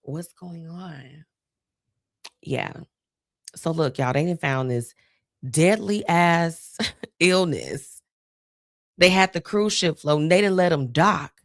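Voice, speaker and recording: A woman's voice: on the low side, expressive, slow, pauses often, no room sound, clean studio sound. A woman hosting a live stream, talking casually and animatedly to viewers, laughing often. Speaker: host.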